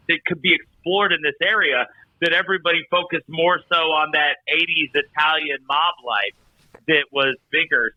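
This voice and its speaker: A man's voice: fairly high pitch, no echo, muffled recording. A man co-hosting a casual podcast chat, talking at length with many restarts. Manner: rambling, many restarts and fillers. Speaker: podcast co-host.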